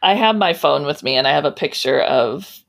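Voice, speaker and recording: A woman with a lowish, gravelly voice plays a tabletop game. She describes what her character does haltingly, restarting her sentences as she goes. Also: animated. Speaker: player.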